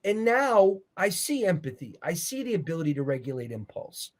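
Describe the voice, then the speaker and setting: A man's voice: high voice, big pitch swings, normal speed, darkish tone. A man speaking as an interview guest and author, explaining in an earnest, preacherly way. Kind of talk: conversational interview.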